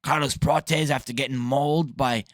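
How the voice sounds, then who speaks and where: A man's voice: medium pitch, fairly even intonation, moderate pace, no echo, clean studio sound, close to an everyday voice. A man putting on a mock to play a whiny male fighter making excuses.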